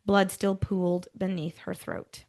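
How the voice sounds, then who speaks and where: Gravelly-voiced woman hosting a true-crime podcast. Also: fairly low pitch, steady tone, unhurried, darkish tone. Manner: switches between scripted storytelling and chatty asides. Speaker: podcast host. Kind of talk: casual true-crime chat mixed with read narration.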